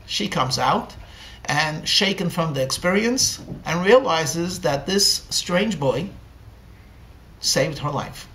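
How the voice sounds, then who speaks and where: A man, a rabbi, telling a story in a sermon at a slow, deliberate pace with many pauses. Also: on the high side, lively intonation, pushed and bright, a little hiss or hum.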